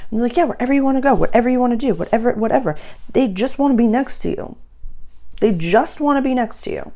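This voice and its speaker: A woman's voice: on the low side, darkish tone. A woman giving a casual astrology reading, talking straight to her listeners in a chatty, earnest way full of fillers and restarts.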